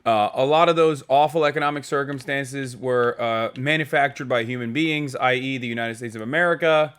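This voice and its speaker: A man's voice: medium pitch, fairly quick, fairly bright tone, smooth. A man streaming live, reacting to news clips with emphatic, profane, rambling commentary full of fillers. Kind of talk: casual political commentary.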